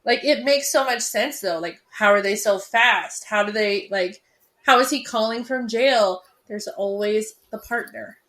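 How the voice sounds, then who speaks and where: A woman co-hosting a podcast, chatting about a film in an excitable, rambling way and laughing easily. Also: mid-range voice, unhurried. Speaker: podcast co-host. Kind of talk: casual chat about a film.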